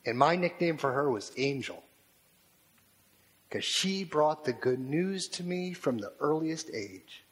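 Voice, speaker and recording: A male pastor gives a sermon in a rather high voice. He speaks very slowly and with care, pausing over repeated questions. A long reverb from a large hall follows each phrase. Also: lively intonation. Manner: slow, measured, reflective, repeated rhetorical questions.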